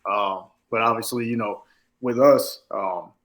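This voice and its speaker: Man, 30s, laid-back, easygoing, casual guest chat, medium pitch. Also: steady tone, unhurried, a bit bright, low-quality recording. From Los Angeles. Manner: laid-back, easygoing, some stammering restarts. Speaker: football coach, podcast guest.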